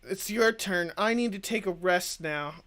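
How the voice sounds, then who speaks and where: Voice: medium pitch, measured pace, a bit bright. A player in a tabletop game, sleepy and blunt, grumbling while speaking in character. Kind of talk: playing a tired half-elf in a tabletop game.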